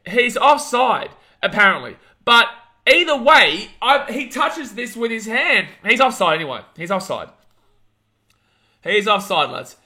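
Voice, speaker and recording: A young Australian man hosts a live watch-along of a rugby league match, calling the play and reading chat. Excitable and given to rants, he shouts at big plays, though his high voice moves at an unhurried pace.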